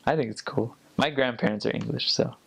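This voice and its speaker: A man's voice: mid-range voice, fairly quick, gravelly, fairly bright tone, breathy edge, rough recording. An American man explaining at length in a casual way, often stopping and restarting phrases, heard from a video played back. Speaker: commenter in the reacted video.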